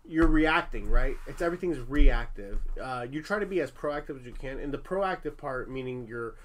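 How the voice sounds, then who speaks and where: His mid-range voice moves at a moderate pace as this thirtysomething dad tells his family a story on their casual podcast. He is candid and lively, swearing often and leaning heavily on fillers.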